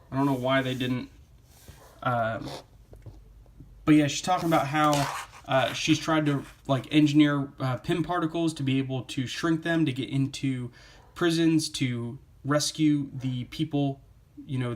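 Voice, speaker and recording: A man's voice: mid-range voice, a little hiss or hum. A man giving a casual spoken comic book review, rambling with lots of fillers like "uh" and "you know".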